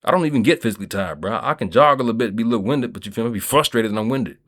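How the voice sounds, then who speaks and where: A man's voice: medium pitch, animated, very fast, fairly bright tone. A man delivering a rambling, profane vlog monologue in a streetwise way, often checking in with his listeners. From Kentucky. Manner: streetwise, profane, keeps asking "you feel me". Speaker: vlogger.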